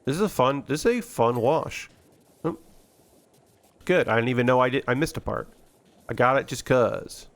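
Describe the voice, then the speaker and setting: Male streamer, casual rambling commentary over gameplay, self-deprecating, mid pitch. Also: moderate pace, long pauses. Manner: rambling, self-deprecating, many fillers and restarts. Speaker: gaming streamer.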